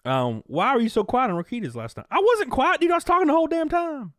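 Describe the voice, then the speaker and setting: A young man with a Southern US accent talks loosely and profanely on a live stream, reacting to chat and donations. His pitch leaps around with animated energy. The sound is dry and close to the mic. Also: quick pace, no echo. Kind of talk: casual live-stream commentary.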